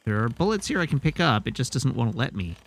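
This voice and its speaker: A man's voice: mid-range voice, very animated, fast, creaky. A man streamer giving casual gameplay commentary with wry, self-amused asides. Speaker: let's play streamer.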